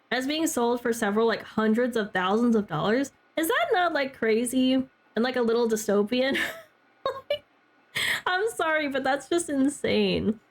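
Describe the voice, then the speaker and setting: Young woman, streamer, chatty, lots of "like", a little higher voice. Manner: chatty, heavy use of "like", frequent laughs. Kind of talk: casual chat with stream chat.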